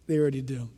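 A male pastor preaching a lively sermon, joking and acting out quotes for his congregation. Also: mid-range voice, husky, in a large hall. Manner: animated, joking, acts out quotes. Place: large church.

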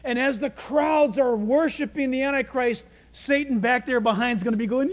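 High-voiced man preaching dramatically. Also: normal speed, few pauses. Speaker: pastor. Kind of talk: sermon.

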